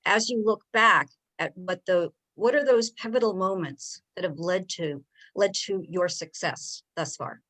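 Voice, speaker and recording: A woman's voice: on the low side, measured pace, a bit bright, rough recording. A woman in her forties moderating a video-call interview, asking questions in an upbeat, friendly way.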